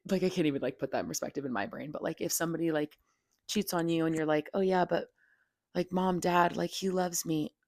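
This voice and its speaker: A woman's voice: low voice, a little mellow, no echo, studio quality. A young adult woman hosting a podcast, giving a candid opinion monologue in a blunt, frank way, full of "like" and casual swearing. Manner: blunt and frank, heavy filler "like", swears freely. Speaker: podcast host.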